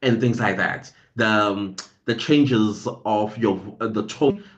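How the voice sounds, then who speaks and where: Man podcast host, slow unhurried delivery, searching for words, slightly dull lo-fi sound. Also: medium pitch. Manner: rambling, searches for words with many fillers. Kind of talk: casual advice monologue.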